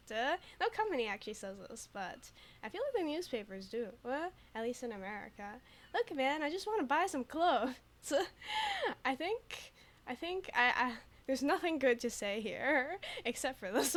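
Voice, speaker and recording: Young woman streamer, giggly and chatty, kinda high voice, reads the game lines out loud. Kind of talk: gameplay commentary.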